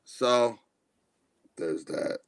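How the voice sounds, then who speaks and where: A man's voice: mid-range voice, extremely slow, vocal fry, no echo. A man co-hosting a podcast who talks in a blunt, opinionated way, often ranting in casual sports chat. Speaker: podcast co-host.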